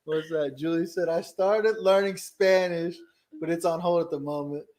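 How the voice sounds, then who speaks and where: Relaxed chuckling man co-host. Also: a little high, normal speed. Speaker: co-host reading messages. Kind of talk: casual chat.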